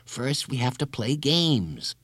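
A man's voice: medium pitch, sing-song, slow, a bit bright, no room sound, clean studio sound, heavily acted. A man doing a confident young boy. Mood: reassuring.

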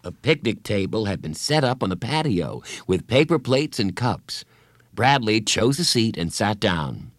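A man reading a children's story aloud with expressive, animated storytelling. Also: fairly low pitch, unhurried, dry recording, clean studio sound. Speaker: narrator.

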